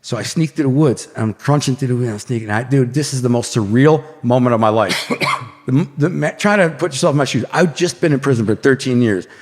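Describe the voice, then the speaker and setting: A man's voice: medium pitch, a little fast, in a large hall. A man telling his life story as an interview guest, loose and slangy, with lots of restarts. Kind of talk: casual storytelling.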